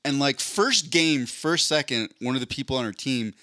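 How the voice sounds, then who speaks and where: A man's voice: mid-range voice, lively intonation, moderate pace, bright, forceful tone, dry recording, clean studio sound. A man co-hosting a casual podcast, joking around and slipping into silly voices when he quotes people. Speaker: podcast co-host.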